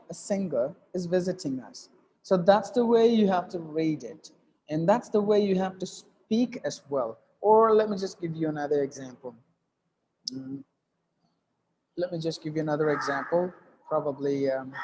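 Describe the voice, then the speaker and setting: A man's voice: a little high, a little mellow, big-room sound, slight background noise. A man teaching an English lesson while writing on a board, with many fillers and restarts, often repeating "look at that.".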